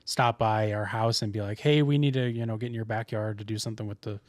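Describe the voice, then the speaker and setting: A man's voice: fairly low pitch, fairly even intonation, fast talker, a little mellow, dry recording. A young man, a podcast co-host telling a rambling story in casual chat with many restarts.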